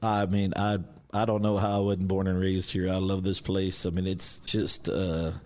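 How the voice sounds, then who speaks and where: Relaxed man telling stories. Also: low-pitched, moderate pace. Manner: relaxed storyteller who acts out remembered dialogue. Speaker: high school principal, guest. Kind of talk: casual storytelling interview.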